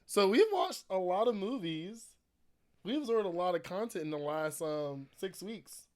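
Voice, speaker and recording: A young man co-hosting a podcast in casual chat, playful and quick to laugh, talking straight to his viewers. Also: sits high, expressive. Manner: playful, laughs often, addresses viewers directly. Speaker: podcast co-host.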